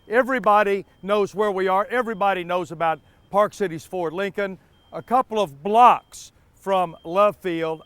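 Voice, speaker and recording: A man hosting a car sales show from an outdoor dealership lot, pitching deals in a folksy, repetitive way. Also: clean tone, no echo. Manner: folksy, repeats words, stumbles.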